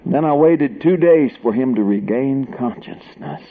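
A man preaching a sermon through humorous stories, swinging from hushed whispers to loud shouts. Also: mid-range voice, animated, a little slow. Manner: humorous, tells tall tales for laughs. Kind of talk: sermon storytelling. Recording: tinny phone-like band with faint noise.

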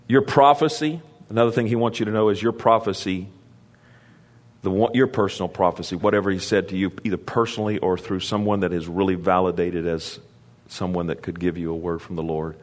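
A man preaching a sermon, calling for responses from the congregation and raising his voice for emphasis, with casual asides in between. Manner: call-and-response preaching, rises in pitch for emphasis; conversational asides and restarts.

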